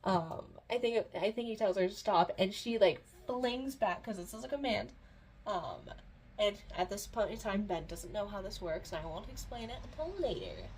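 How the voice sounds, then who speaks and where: A woman's voice: medium pitch, moderate pace, a little mellow, breathy edge. A woman recapping a book in a casual, rambling way, with many fillers and giggles. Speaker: book reviewer.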